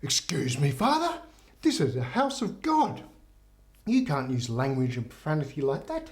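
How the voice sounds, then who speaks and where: A man's voice: medium pitch, very animated, brisk, a little mellow. A man voicing a stern older bishop in a told joke, scolding then pleased.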